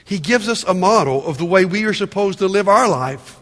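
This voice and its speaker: Male pastor, high voice, animated sermon delivery, long hall reverb. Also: fairly quick. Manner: animated preaching, calls out "Amen?" to the congregation.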